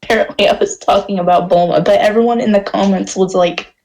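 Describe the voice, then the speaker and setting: A woman's voice: mid-range voice, fairly even intonation, fast talker, darkish tone, poor audio. A woman with a mid-range voice chats casually as a podcast co-host, giggling and poking fun at her own mistakes. She sounds like she is talking into a home microphone on an online call. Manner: giggly, self-deprecating. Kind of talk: casual chat.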